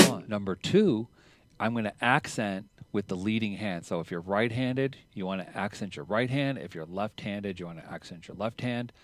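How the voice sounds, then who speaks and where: A man teaching drums in a relaxed, chatty way, explaining rhythms and counting triplets out loud as he plays. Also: on the low side. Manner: counts triplets out loud over drumming, louder while counting; casual and chatty, with fillers. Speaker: drum teacher. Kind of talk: relaxed instructional talk.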